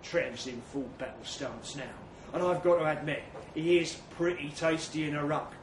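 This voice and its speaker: A man's voice: a little high, steady tone, normal speed, a little hiss or hum. A man reading a crude comic story to a laughing audience, acting out blokes' lines with swagger. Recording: echoey room from far off.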